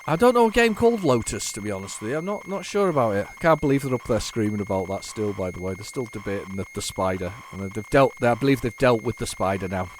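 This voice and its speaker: A man's voice: lowish voice, expressive, fast, few pauses, slight background noise. A man hosting a retro gaming video, chatting casually and rambling through his commentary with many fillers and restarts.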